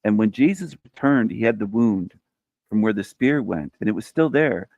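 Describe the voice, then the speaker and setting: A man's voice: lowish voice, expressive, moderate pace, vocal fry, darkish tone, no room sound, muffled recording. A man joining a faith conversation as a guest, speaking in a heartfelt, affirming way and retelling a story.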